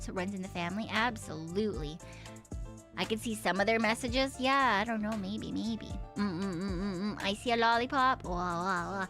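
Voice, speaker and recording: A woman from eastern Canada chats loosely with her stream audience, laughing and dropping casual curses. Her voice sits a little high. Soft music plays faintly underneath. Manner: chatty, laughing, swears casually. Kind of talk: casual livestream chat.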